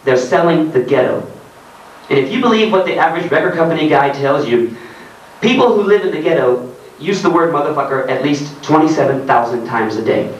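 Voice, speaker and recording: A man's voice: a little high, animated, brisk, highs cut off. Sardonic man reading in an echoing hall. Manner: sardonic ranting, laughs at his own jokes. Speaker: author reading his own work. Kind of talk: comedic reading to a live audience. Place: arts centre hall in Germany. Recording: roomy live hall, distant mic, faint ambience.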